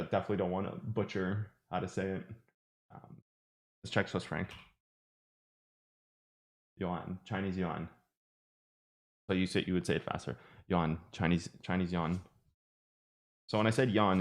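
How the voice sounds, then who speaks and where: Irish man, deep voice, chatty, rambling, self-mocking, live chart commentary. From Ireland. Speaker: trading streamer.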